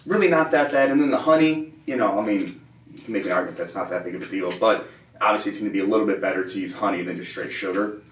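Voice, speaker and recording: A man co-hosting a casual protein bar taste test, reading out labels in a relaxed way. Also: lowish voice, fast, slight background noise. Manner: relaxed, reads out nutrition labels. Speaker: co-host reviewing protein bars. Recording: roomy, mic at a distance, faint ambience.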